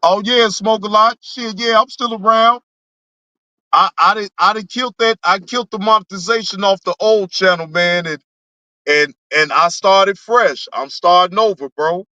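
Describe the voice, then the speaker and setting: A man's voice: high-pitched, moderate pace, pushed and bright, dry recording. A man hosting a livestream, answering his chat in laid-back, rambling, profane casual talk. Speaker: livestream host. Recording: dull lo-fi sound.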